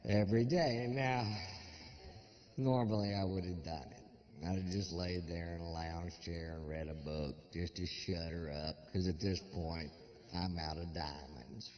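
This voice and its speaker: A man delivers stand-up comedy in an unhurried, deadpan drawl, his voice sitting low. The recording sounds a bit muffled, with a steady wash of background noise. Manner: slow, deadpan storytelling.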